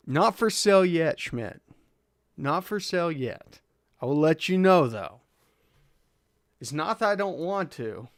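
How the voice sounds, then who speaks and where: A man's voice: a little high, expressive, slow, pauses often, no room sound, studio quality. A man hosting a live car tuning stream, chatting casually, answering viewers' questions and chuckling often. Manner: laid-back, chuckling often, reads chat aloud.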